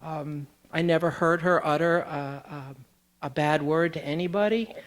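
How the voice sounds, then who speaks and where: A woman who is a community theater board president, speaking slowly and gently with some halting pauses at an awards event in a theater room. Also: low-pitched. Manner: slow, gentle, halting delivery.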